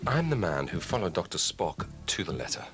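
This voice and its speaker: A man's voice: low-pitched, sing-song, fairly quick, music in the background. A fussy, fretful father. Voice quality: fretful, prim. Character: fussy, anxious separated father. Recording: TV score behind the speech.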